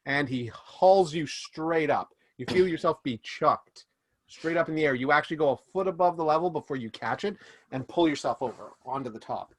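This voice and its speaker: A man running a tabletop game as game master, narrating scenes with quick restarts and fillers. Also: a little high, expressive, husky, no echo.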